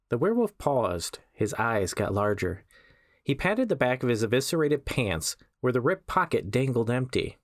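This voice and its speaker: A man, the host of a podcast, reading a short story aloud in a measured, wry storytelling voice. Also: mid-range voice, big pitch swings, dry recording, studio quality. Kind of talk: scripted story narration.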